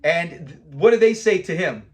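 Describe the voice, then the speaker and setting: Guy reviewing an old sitcom episode, chatty, high-ish voice, does the lines himself. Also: normal speed. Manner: animated, acts out lines from scenes. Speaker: show host reviewing episodes.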